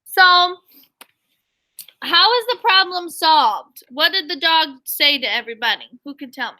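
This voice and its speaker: A woman teacher leading an online reading lesson over a video call, reading a picture book aloud and asking her pupils questions in an animated way. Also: high voice, a little slow.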